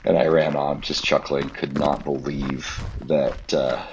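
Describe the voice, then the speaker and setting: A man's voice: very deep voice, little pitch movement, a little slow, lo-fi sound, slight background noise. A man narrating a voice-over in a wry, amused storytelling manner. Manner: wry, amused anecdote telling. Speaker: runner narrating his race.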